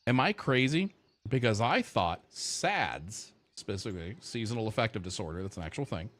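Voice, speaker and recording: A man's voice: on the low side, normal speed. A man streaming and chatting casually with his viewers, rambling and swearing freely. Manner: profane, rambling, animated. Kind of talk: casual livestream chat while gaming.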